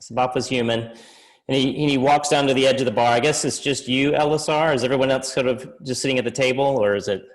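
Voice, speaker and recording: A man's voice: medium pitch, fairly even intonation, fast, rough recording. A man narrating a tabletop game as game master, rambling with many fillers and laughing easily.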